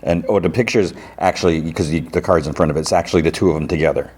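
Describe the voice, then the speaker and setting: A man with a low, darkish voice and a breathy edge talks fast as he hosts a podcast. He rambles through recaps of TV scenes, paraphrasing them with "he's like" and laughing at himself.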